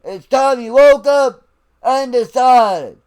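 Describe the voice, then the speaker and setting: A man from the United States shouting a profane political rant, lecturing in a drill-sergeant manner. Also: very high-pitched, clean tone. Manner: slow, emphatic, lecturing. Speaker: vlogger.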